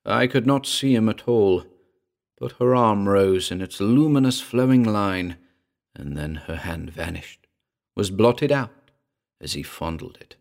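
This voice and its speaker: A man narrating a ghost story in a measured, dramatic reading. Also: on the low side, animated, creaky. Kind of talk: scripted audiobook narration.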